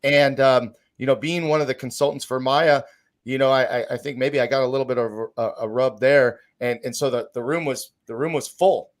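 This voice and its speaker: Man hosting a panel, halting delivery. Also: medium pitch, steady tone. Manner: halting, many restarts. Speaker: podcast host. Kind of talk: casual panel discussion.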